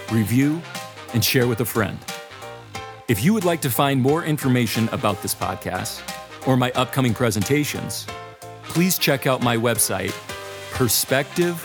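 Male podcast host, mid pitch, narrating his own routine off-mic in an echoey room with faint music. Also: recorded from a distance. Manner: narrates his actions as he goes, upbeat. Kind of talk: casual podcast walkthrough of a morning routine.

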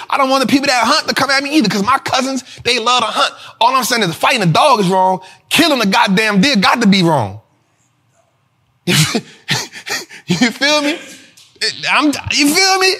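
A man hosting his own show, talking casually to viewers about money and investing, animated and profane, often laughing and addressing them as "y'all". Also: very high-pitched. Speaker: show host.

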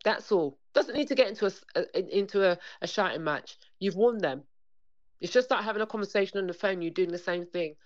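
A woman's voice: on the low side, animated, brisk. Earnest woman, lo-fi sound. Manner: earnest, repetitive, acts out dialogue. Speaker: parenting coach guest. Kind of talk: conversational interview. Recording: dull lo-fi sound.

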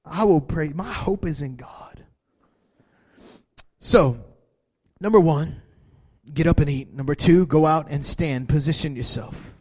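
A man preaching a sermon, swinging from quiet talk to shouting. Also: on the high side, unhurried, long pauses. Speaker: pastor.

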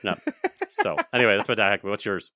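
A man's voice: lowish voice, a little fast, bright, forceful tone, dry recording, studio quality. A man co-hosting a parenting podcast in casual chat, joking and blunt with some swearing. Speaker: podcast co-host.

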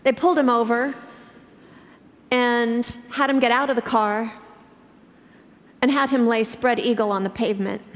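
A woman's voice: a little high, fairly even intonation. Earnest woman preaching in a reverberant hall. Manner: earnest, storytelling, with halting restarts. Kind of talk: sermon. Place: church.

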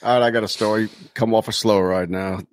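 A man co-hosting a podcast, a former police officer telling stories in a relaxed chat, laughing often and acting out the people he quotes. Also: fairly low pitch, fairly quick, crowd noise. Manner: laid-back, laughs often, acts out quotes. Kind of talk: casual storytelling chat.

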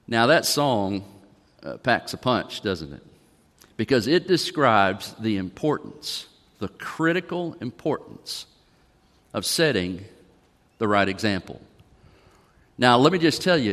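Male pastor, lively animated delivery, folksy sermon, long church-hall reverb. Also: medium pitch, slow, long pauses. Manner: folksy, conversational, reads song lyrics aloud. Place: church sanctuary.

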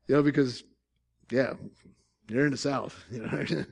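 An older man with an Upstate New York accent, preaching a lively, joking sermon as pastor. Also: medium pitch, slow pace, vocal fry, husky. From Syracuse, New York. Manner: animated, joking storytelling with laughs.

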